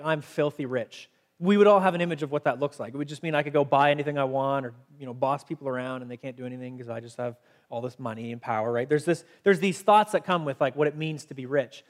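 A man gives a sermon as pastor, earnest and easygoing. He mixes scripture reading with everyday, chatty explanation. His voice sits a little high for a man. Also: quick pace. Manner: earnest, conversational, reads scripture aloud.

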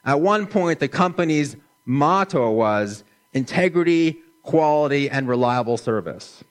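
A middle-aged man preaching a sermon in a slow, gentle, measured way, dropping his voice softly for emphasis. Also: fairly high pitch, animated. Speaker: pastor.

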